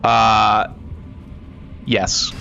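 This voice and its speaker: A man's voice: on the low side, level tone, drawn-out words, pushed and bright, dull audio, faint music behind. A man from Florida streaming a game and chatting casually, rambling and self-mocking, often trailing off mid-sentence. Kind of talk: casual chat while gaming.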